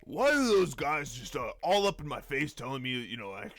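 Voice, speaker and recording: Man putting on a loud, eager stranger. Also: mid-range voice, big pitch swings, moderate pace. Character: excitable male stranger claiming divine mission.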